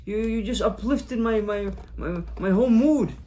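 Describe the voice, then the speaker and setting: A man voicing a rich father who keeps exclaiming in excitement about his son. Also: high voice, normal speed, lightly acted. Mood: overjoyed. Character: overjoyed rich father, middle-aged man.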